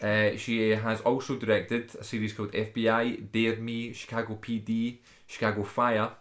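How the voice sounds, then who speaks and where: A man's voice: lowish voice, level tone, moderate pace, a bit bright. A man in his twenties co-hosting a casual film podcast, chatting along easily and reading out film details. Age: 20s. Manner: conversational, reads out film facts, mild and agreeable. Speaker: podcast co-host. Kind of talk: casual chat.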